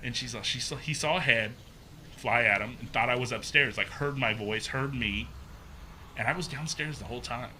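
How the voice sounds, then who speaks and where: A man speaks as a podcast guest in a loose, animated storytelling style. His voice is notably bright and sharp, at a middling pitch. He slips into the voices of the people he quotes and leans on casual fillers. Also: normal speed, slight background noise. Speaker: podcast guest, haunted maze builder.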